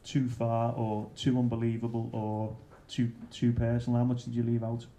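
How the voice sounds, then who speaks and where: A man's voice: mid-range voice, completely flat delivery, normal speed, mellow, a little hiss or hum. A man hosting a book event Q&A, asking rambling, hesitant questions with fillers. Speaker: event host. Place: bookshop event room.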